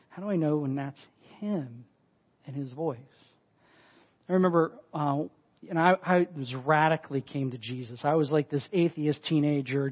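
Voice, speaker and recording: A pastor preaching a sermon in a conversational, emphatic way, often saying "like". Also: male voice, a little high, highs cut off.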